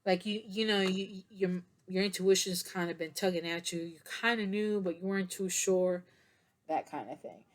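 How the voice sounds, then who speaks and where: Tired woman, tarot reader, slow chatty delivery, lowish voice, rambling with fillers. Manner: chatty and meandering, many fillers, breaks into soft singing. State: tired, yawning. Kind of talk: casual tarot reading to camera.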